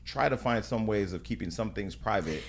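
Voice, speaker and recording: A man's voice: lowish voice, a little fast. A man in his forties hosting an interview, joking and probing with flirtatious asides. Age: 40s. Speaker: host. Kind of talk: casual interview chat.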